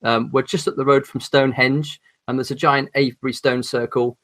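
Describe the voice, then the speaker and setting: Articulate English man, halting ums. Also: mid-range voice, level tone, a bit bright. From England. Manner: articulate, hesitant with many ums and restarts. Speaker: podcast guest, horror author. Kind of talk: casual chat.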